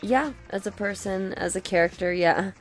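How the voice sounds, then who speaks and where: A woman's voice: medium pitch, normal speed, soft background music. A woman co-hosting a podcast in casual chat, laid-back, laughing often and swearing. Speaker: podcast co-host.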